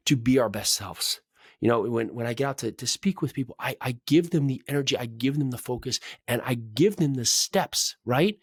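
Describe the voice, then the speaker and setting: A man's voice: medium pitch, breathy edge, no echo, clean studio sound. A man hosting a podcast, delivering an emphatic motivational monologue built on repeated rallying phrases. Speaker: podcast host.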